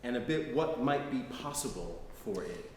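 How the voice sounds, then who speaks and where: A man's voice: medium pitch, expressive, normal speed, darkish tone. A middle-aged man telling personal stories in a conversational lecture, often checking in with "right?". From United States. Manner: conversational, frequent "right?" tags. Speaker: guest lecturer. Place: lecture hall, live audience. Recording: echoey hall, faint noise.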